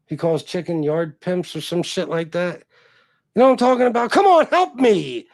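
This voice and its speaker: A man hosts a casual livestream, rambling and cursing freely as he chats with his viewers. His voice sits a little high for a man and swings lively up and down. The sound is close and dry. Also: fairly quick, dry recording. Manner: rambling, profane, chatting with viewers. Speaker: livestream host. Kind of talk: casual chat.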